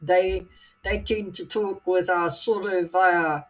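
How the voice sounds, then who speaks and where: A woman's voice: lowish voice, fairly even intonation, slow. A woman from New Zealand with a Scottish-tinged accent, co-hosting a livestream in a chatty way and laughing often. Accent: New Zealand with a Scottish lilt. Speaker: co-host. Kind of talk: casual livestream chat.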